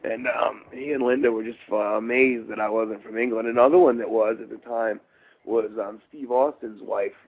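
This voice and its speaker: A man's voice: mid-range voice, fairly even intonation, moderate pace. A middle-aged man from Baltimore, a former wrestler, telling rambling, meandering stories in an interview. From Baltimore, USA. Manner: meandering, full of fillers and restarts. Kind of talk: rambling shoot interview storytelling. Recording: phone-like interview line.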